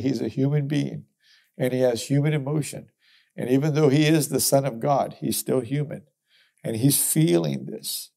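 Warm-toned man teaching the Bible. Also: medium pitch, vocal fry. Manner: expressive, chuckling, emphatic exclamations.

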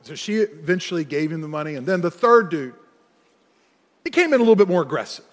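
A man preaching a sermon as pastor, telling stories and slowing to press hard on key words. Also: a little high, very animated. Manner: storytelling, slows and pushes hard on key words. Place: church sanctuary. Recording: long hall reverb with soft music.

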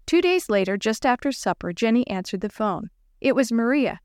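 A woman reading a children's story aloud, gently expressive and voicing the characters. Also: medium pitch, moderate pace, no echo, studio quality.

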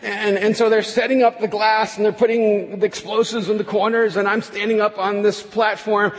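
A man preaching a sermon, telling a personal story in an animated way, often restarting his sentences. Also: high voice, moderate pace. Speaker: pastor. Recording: long hall reverb.

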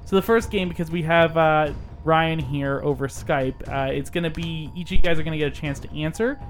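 A man's voice: fairly high pitch, fairly quick, faint music behind. Easygoing male podcast host. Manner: relaxed, reads synopsis aloud, stumbles on names. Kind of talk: casual chat.

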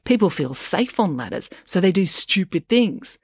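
A woman's voice: lowish voice, very animated, normal speed, husky, dry recording, studio quality. A woman voicing a grumpy, bossy old woman on crutches who snaps and scolds. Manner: snappish, scolding.

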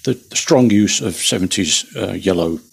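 A man co-hosting a casual chat, hesitant with many pauses and restarts. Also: deep voice, gravelly, slightly rough. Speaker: podcast co-host.

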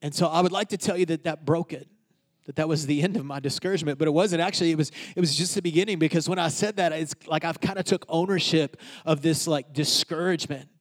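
Here a man preaching from the pulpit tells a story about himself, shifting back and forth between hushed delivery and loud emphasis. He talks fast, with a voice that sits a little high.

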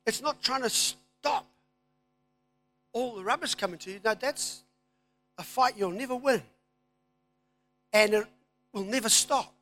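A man preaching a sermon, moving from quiet asides to loud, emphatic declarations. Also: very high-pitched, unhurried, pauses often. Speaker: pastor.

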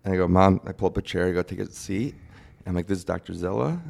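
A man's voice: low-pitched, fast talker, creaky, darkish tone. A man in his forties telling a personal story in a plain-spoken, rambling way during a casual chat. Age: 40s.

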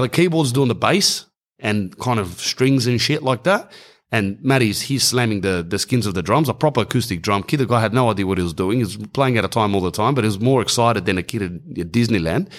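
A middle-aged man with an Australian accent telling a comic story in a casual, animated way, full of slang and asides to the audience. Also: on the low side. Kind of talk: stand-up storytelling.

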